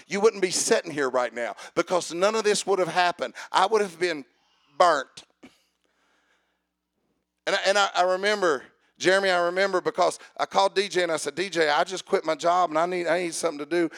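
A man preaching a sermon, telling a personal story with acted dialogue and building to loud calls for amen. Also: sits high, creaky.

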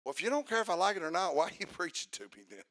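A man preaching a sermon to a congregation, building to fervent shouts and calling for responses. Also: sits high, big pitch swings, very fast, no room sound, studio quality. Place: church service.

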